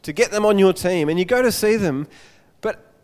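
A man preaching a Father's Day sermon, an animated storyteller who acts out the voices of his characters. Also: sits high, moderate pace, big-room sound.

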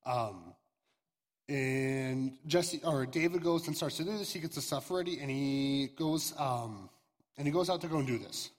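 A young man, a youth pastor, retelling a scripture story to teenagers in a casual, halting way with fillers and restarts. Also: medium pitch. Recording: reverberant hall.

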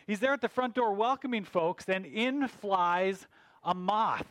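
A man's voice: sits high, a little slow, fairly bright tone, no echo. A man hosting a church podcast, telling a joke story in a playful, rambling way into a podcast mic.

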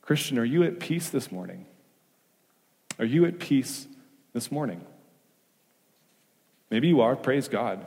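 Emphatic pastor preaching in a reverberant hall. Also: male voice, medium pitch, big pitch swings, unhurried, creaky, pauses often. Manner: emphatic preaching with rhetorical questions, swinging from loud to hushed. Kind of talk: sermon. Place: church sanctuary.

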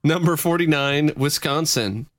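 A man's voice: on the high side, a little slow, dry recording. Male podcast co-host, close dry sound, easy laughs, mock-outraged banter. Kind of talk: casual comedic podcast chat.

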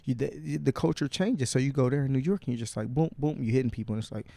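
A man's voice: medium pitch, quick pace, creaky, dry recording. A man hosting a casual podcast, telling stories with lots of swearing and acted-out quotes. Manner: profane, animated storytelling with put-on quotes. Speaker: podcast host.

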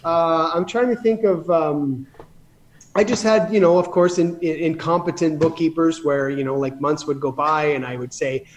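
A man's voice: on the high side, steady tone, moderate pace, slight background noise. A man telling rambling stories about running his business in a casual interview, with many restarts. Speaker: guest.

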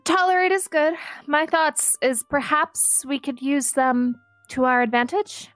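A woman playing her character in a tabletop game, a touch higher in pitch, close and dry on the mic. She is soothing and diplomatic, with small stammers. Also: steady tone, unhurried, a bit bright, no echo, soft background music. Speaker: player.

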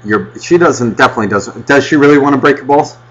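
A man co-hosting a podcast, ranting loudly and doing mocking impressions of a friend on the phone. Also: mid-range voice, fast, highs cut off. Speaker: podcast co-host. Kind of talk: casual podcast banter.

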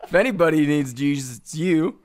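A man co-hosting a rowdy podcast, joking crudely and laughing constantly, sounding high. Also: a little fast, background noise. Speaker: podcast co-host. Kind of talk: rowdy casual chat among friends.

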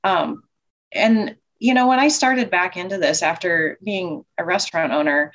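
Casting: low-voiced woman, childcare center owner, heartfelt and rambling, plenty of restarts. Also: moderate pace, fairly bright tone, lo-fi sound. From Nebraska. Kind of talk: casual interview chat.

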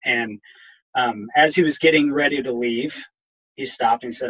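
Middle-aged male guest, husky and bright, halting and emotional personal storytelling. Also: medium pitch, muffled recording. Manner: halting, many ums, voice catching with emotion. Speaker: guest, counselor and veteran in recovery.

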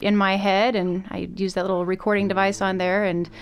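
A woman's voice: mid-range voice, level tone, brisk. A woman, a singer and songwriter, talking in a modest, giggly way in a radio studio interview.

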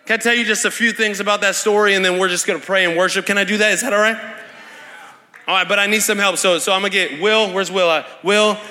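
A young man preaching an energetic Pentecostal sermon with call-and-response, fast and excited, repeating words and shouting to the crowd in a large church hall. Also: sits high. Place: large church hall at a live worship night. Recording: long hall reverb from a live event.

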